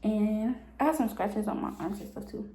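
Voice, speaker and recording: A young woman in her twenties from Cleveland tells a story with blunt, animated energy. Her voice is warm and mellow, and it carries a noticeable room echo. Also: medium pitch, normal speed, slight background noise. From Cleveland, Ohio, US. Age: 20s. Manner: blunt, animated retelling with frank language. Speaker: vlogger. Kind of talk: casual storytime. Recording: echoey room.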